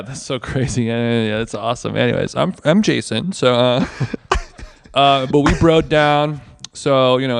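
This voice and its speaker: A man's voice: medium pitch, creaky, slight background noise. A man co-hosting a podcast, rambling through a casual story and swearing freely. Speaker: podcast co-host. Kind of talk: casual chat. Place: basement of a villa.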